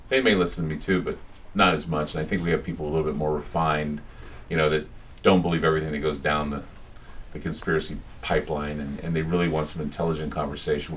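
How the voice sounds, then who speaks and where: A man with a very low voice tells stories in a loose, rambling way and keeps restarting his thoughts. He is caught by a room mic in a small bookstore, so he sounds distant. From United States. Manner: rambling, chatty storyteller with many restarts. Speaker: radio host giving a talk. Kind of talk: casual public talk with anecdotes.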